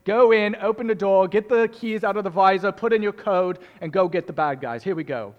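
A man voicing a brisk male spy handler who barks clipped orders in a deliberately bad put-on accent. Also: high voice, highs cut off, lightly acted. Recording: long hall reverb.

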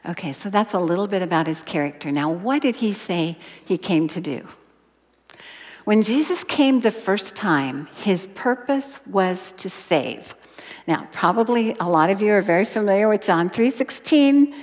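A woman teaching a Bible lesson in an expressive sermon style, sometimes dropping to a whisper for emphasis. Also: mid-range voice. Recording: long hall reverb.

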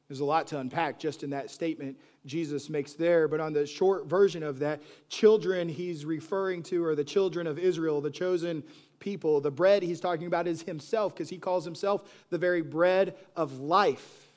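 Guy giving a sermon, kinda high voice, goes quiet then gets loud and animated. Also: moderate pace. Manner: swings from soft, hushed lines to loud animated bursts; acts out quoted voices with pleading repetition. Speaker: pastor.

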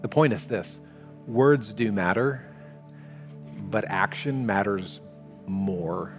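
A man preaching a sermon as pastor, talking in a conversational, animated way. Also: on the low side, takes it slowly. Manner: conversational, animated, shifts into quoted voices. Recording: long hall reverb, faint music.

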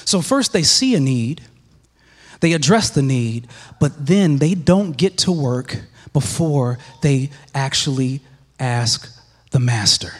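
A man preaching a sermon in a church, emphatic and repetitive, often dropping to a hushed low voice for weight. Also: lively intonation, takes it slowly, in a large hall. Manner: emphatic, repeats phrases, drops to hushed lows.

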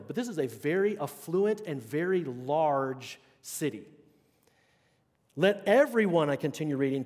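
Male preacher with a fairly high voice, casual conversational sermon, lots of questions to the room, long church reverb. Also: darkish tone. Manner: conversational, checks in with the congregation. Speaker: pastor. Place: church sanctuary.

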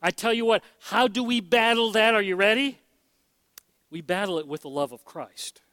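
Man preaching a sermon, high voice, smooth and resonant, emphatic, long hall reverb. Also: moderate pace, pushed and bright. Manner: emphatic, repeats words, many fillers. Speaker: pastor.

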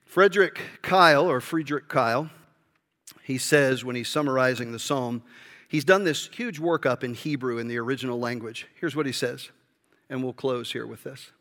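Impassioned preacher in a reverberant hall. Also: male voice, moderate pace. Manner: impassioned, swings from loud emphasis to soft low asides. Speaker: pastor. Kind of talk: sermon.

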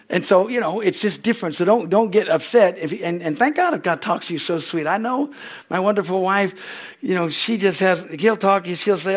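High-voiced pastor, lively storytelling sermon. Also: male voice, normal speed. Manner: animated storytelling, acts out dialogue, laughs often.

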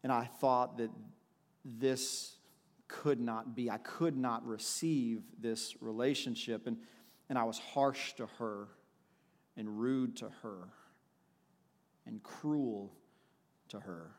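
A man's voice: medium pitch, fairly even intonation, slow pace, long pauses, long reverb tail. A man preaching a sermon, telling personal stories in a reflective way with frequent restarts. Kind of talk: sermon with storytelling.

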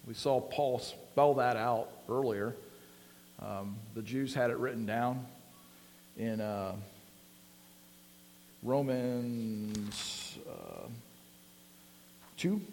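A man preaching a sermon, casual and full of fillers, then building to emphatic peaks. His voice sits at an ordinary middle pitch. A long reverb trails behind him, as in a church hall. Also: extremely slow, pauses often, a little mellow, a little hiss or hum.

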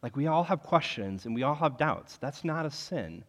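Animated preacher in a reverberant hall. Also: male voice, on the high side, moderate pace. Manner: animated, conversational, heavy use of filler "like". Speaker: pastor. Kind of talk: sermon.

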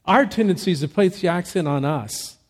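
Man preaching a measured, emphatic sermon. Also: high voice, lively intonation. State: fighting a cough. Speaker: pastor.

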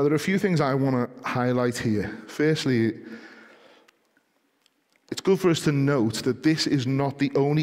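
Preaching man with a long hall echo. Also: medium pitch. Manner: builds from calm explanation to rising, emphatic preaching. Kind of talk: sermon.

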